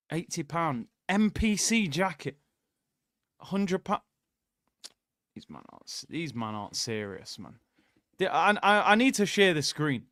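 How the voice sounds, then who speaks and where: Exasperated, high-voiced football streamer. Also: male voice, dry recording, studio quality. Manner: exasperated, sarcastic, bursts into loud excited shouting. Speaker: football watchalong host. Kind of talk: casual live-stream rant.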